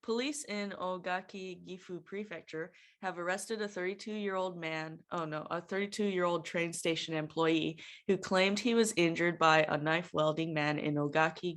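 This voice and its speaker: A woman co-hosting a podcast, reading news items in a steady voice. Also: fairly low pitch, moderate pace. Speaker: podcast co-host.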